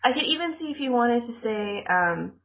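A woman's voice: a little high, expressive, fairly quick. Chatty woman on tinny lo-fi audio. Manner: rambling, laughs often, self-correcting. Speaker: podcast co-host. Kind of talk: casual chat.

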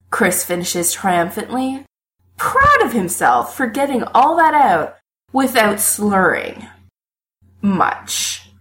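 Brief: woman story narrator, slow and deliberate, very lively pitch. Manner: expressive storytelling. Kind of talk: story reading.

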